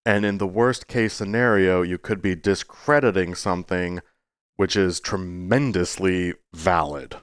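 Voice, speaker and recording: Low-voiced earnest young man vlogging. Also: measured pace, smooth, no room sound, studio quality. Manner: rambling, earnest, with playful voice jumps. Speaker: YouTuber. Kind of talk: casual talking-to-camera monologue.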